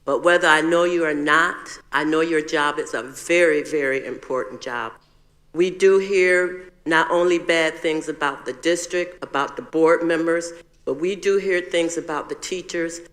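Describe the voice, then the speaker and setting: A man's voice: fairly high pitch, a little slow, fairly bright tone, big-room sound. Sincere older man, board meeting speech. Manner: sincere, repetitive, plainspoken. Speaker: school board member. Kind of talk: public meeting remarks.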